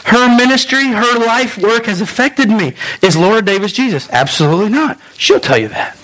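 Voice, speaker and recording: Man in his 30s, church pastor, animated sermon, high-pitched, faint background noise. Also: normal speed, low-quality recording. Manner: animated storytelling, addresses congregation directly. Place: church sanctuary.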